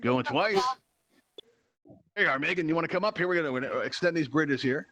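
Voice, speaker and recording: A man's voice: a little high, fairly quick, bright, forceful tone. A man hosting a live virtual reality game show, teasing and bantering playfully with contestants. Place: virtual reality social event.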